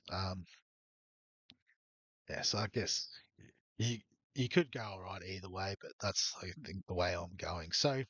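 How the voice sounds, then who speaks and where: A man's voice: lowish voice, sharp tone, breathy edge, no echo, highs cut off. A man walking through his fantasy rugby league team in a rambling, hesitant way, full of ums. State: has the hiccups. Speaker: fantasy sports youtuber. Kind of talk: casual fantasy team walkthrough.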